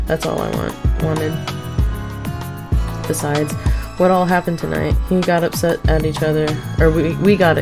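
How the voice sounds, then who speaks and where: A woman's voice: low-pitched, vocal fry. A woman streamer reading a visual novel game aloud, stopping for asides and correcting her own misreads. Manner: reads game text with asides and self-corrections. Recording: game music behind the voice.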